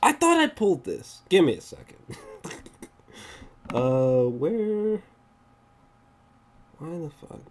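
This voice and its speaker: A man's voice: on the high side, wildly swooping pitch, slow, pauses often. A man giving a casual, rambling movie review, swearing often and acting out scenes in raised voices. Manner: rambling, swears often, searches for pictures mid-talk.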